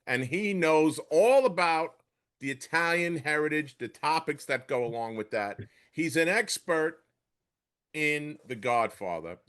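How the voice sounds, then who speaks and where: A man hosting a podcast in casual chat. His voice sits a touch high, and he jokes and laughs while he runs the segments. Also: animated, measured pace, a bit bright, smooth. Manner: jokey, laughing, sets up segments. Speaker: podcast host.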